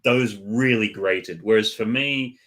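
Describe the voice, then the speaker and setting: A man co-hosting a casual live-stream chat, with a fairly low voice. He explains his points in a calm, measured way.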